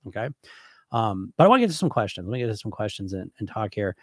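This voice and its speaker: A middle-aged man with a stuffy head cold hosts a casual podcast, answering questions on a live stream. He works as a podcast host and hypnotist weight coach, and his lowish voice is very animated and quick as he rambles bluntly with plenty of "you know" fillers. The recording is studio quality with no room sound.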